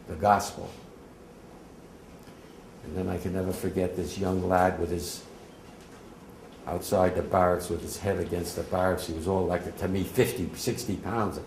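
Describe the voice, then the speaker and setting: Man, 80s, from New Jersey; low-voiced, emotional eyewitness testimony, halting and swelling to near shouts; reverberant room. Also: a little hiss or hum. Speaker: war veteran speaker.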